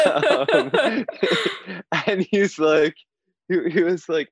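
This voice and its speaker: A man's voice: high voice, big pitch swings, slow pace, gravelly, pauses often, husky, no echo, muffled recording. A young man from Indiana, a podcast guest telling a personal story in a casual, chatty way, with lots of "like" and frequent laughter. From Indiana, USA. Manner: chatty, heavy use of "like", laughs often while telling.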